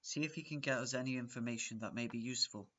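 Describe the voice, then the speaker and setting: Player guy asking skeptical questions, normal pitch, kinda muffled mic. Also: quick pace, heavy background noise. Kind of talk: in-character tabletop play.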